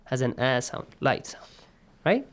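A man teaching Quran recitation rules. He explains patiently, checks in with his students, and chants verses in a slow, stretched way. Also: mid-range voice, very animated. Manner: patient, checks in often with "okay?" and "yes?". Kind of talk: online class, explaining and reciting.

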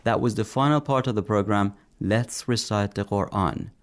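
A man's voice: fairly low pitch, normal speed. A man hosting a religious radio program, giving brief agreements and a formal sign-off. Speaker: radio host.

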